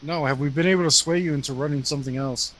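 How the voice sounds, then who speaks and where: A man's voice: a little high, fairly even intonation, fast, a bit bright, poor audio. A man co-hosting a casual podcast chat, talking in an easygoing, rambling way. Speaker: podcast co-host.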